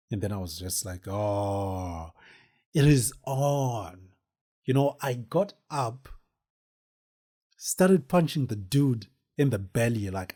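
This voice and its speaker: A man's voice: mid-range voice, mellow, breathy edge. A man hosting a podcast, telling a personal story casually in a rambling way, with many fillers and restarts. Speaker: podcast host.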